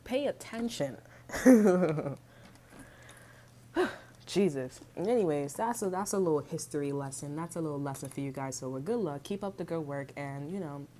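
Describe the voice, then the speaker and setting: A woman's voice: on the low side, dark tone, slight background noise. A woman giving a casual tarot reading, chatty and slangy, swearing freely and humming little tunes between thoughts. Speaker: tarot reader.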